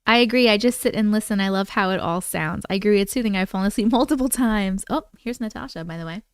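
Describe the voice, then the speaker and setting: A woman's voice: medium pitch, fast, clean tone, no room sound, clean studio sound. A woman hosting a live stream, casually chatting with viewers, reading their comments aloud and cooing at her cats. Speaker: livestream host.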